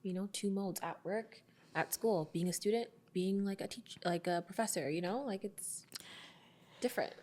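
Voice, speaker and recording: A woman's voice: medium pitch, moderate pace. A young woman co-hosting a podcast, chatting casually and telling a story with lots of laughs. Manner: animated storyteller, laughs often. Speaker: podcast co-host. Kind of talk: casual chat. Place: indoors, podcast recording.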